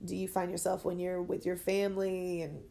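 A young adult woman chatting casually as a podcast guest, talkative and quick to laugh. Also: lowish voice, little pitch movement, gravelly, mellow. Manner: chatty, laughs easily, many fillers. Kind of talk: casual chat.

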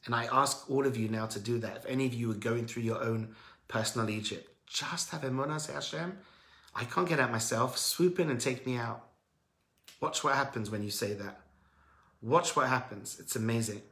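A man giving an emphatic sermon-style teaching talk as a religious speaker and coach, swinging between loud urging and quiet earnest tones. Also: medium pitch, moderate pace, reverberant.

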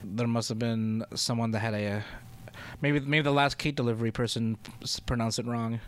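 A man's voice: medium pitch, fairly even intonation, moderate pace, clean tone. Laid-back man co-hosting a podcast. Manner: laid-back, laughing, rambling with restarts. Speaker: podcast co-host. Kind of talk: casual chat.

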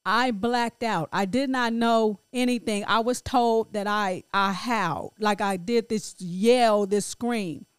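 A grief-stricken middle-aged woman talks slowly and haltingly, starting her sentences over and over. Her voice sits at an ordinary pitch, and the recording is dry and close, with no room sound. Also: clear, resonant tone, dry recording. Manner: halting, emotional, many restarts. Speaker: grieving mother sharing her story. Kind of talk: personal spoken monologue.

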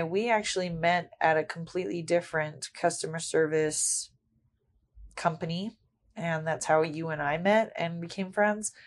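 A woman with a slightly low voice hosts a casual podcast interview. She keeps things friendly, laughs easily, and steers the chat with questions. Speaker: podcast host.

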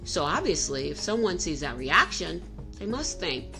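A woman's voice: lowish voice, sing-song, moderate pace, creaky, pushed and bright, soft background music. Candid middle-aged woman telling a story. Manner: candid, self-reflective, frequent restarts. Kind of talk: personal storytelling monologue.

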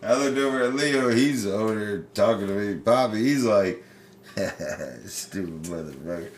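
Profane, animated man telling stories. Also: on the low side, measured pace, roomy sound, a little hiss or hum. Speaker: podcast host. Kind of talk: casual storytelling chat.

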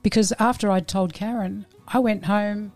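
A woman in her late forties telling personal stories in a casual interview, animated and frank, acting out the voices she quotes. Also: medium pitch, normal speed, faint music behind. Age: 40s. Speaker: podcast guest.

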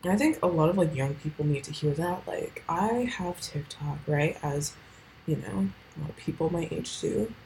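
A woman's voice: sits low, animated, normal speed, creaky, darkish tone, a little hiss or hum, poor audio. A teenage girl hosting a casual solo podcast, rambling with lots of fillers and swearing. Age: teens. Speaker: podcast host.

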